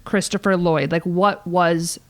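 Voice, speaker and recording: A woman co-hosting a podcast interview, reading her questions briskly and laughing along. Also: fairly low pitch, steady tone. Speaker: podcast co-host.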